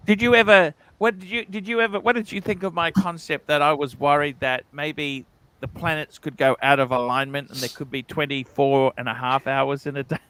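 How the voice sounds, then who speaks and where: Aussie man, bright forceful voice, livestream host reading super chats, casual and swearing. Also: a little high, level tone, brisk, smooth. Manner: reads donor comments aloud, swears casually.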